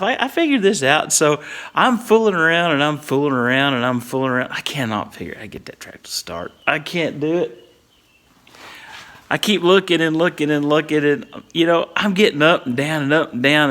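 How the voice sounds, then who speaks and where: A man's voice: fairly high pitch, fairly bright tone. A middle-aged man, telling a funny story from his youth in a casual, chatty way and chuckling often as he goes. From Whitley County, Kentucky.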